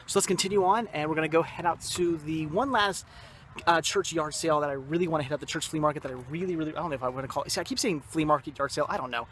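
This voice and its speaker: A man's voice: fairly high pitch, very fast, fairly bright tone, slight background noise. A young man hosting a casual vlog outdoors at a yard sale, enthusiastic and rambling, often correcting himself. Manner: enthusiastic, repeats "very cool" and "awesome". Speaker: vlog host.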